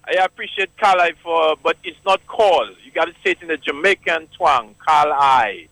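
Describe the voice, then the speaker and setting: A man calling a radio show, relaxed and joking, laughing and saying "man" often. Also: on the high side, fairly quick, poor audio. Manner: laid-back, laughing, says man often. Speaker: caller. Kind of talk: call-in banter.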